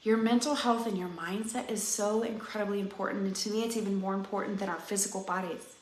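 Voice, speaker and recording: A woman's voice: mid-range voice, steady tone, fast, a little hiss or hum. A woman in her thirties, a fitness coach, giving an earnest, chatty pep talk to her live-stream viewers and speaking right to them. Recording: roomy echo.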